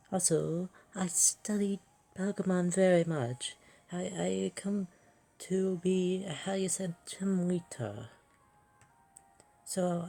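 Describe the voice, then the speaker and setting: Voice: mid-range voice, warm tone, pitched above the performer's own voice. A player putting on a put-on French accent to voice a flamboyant woman gym leader in broken, grandiose English during game commentary.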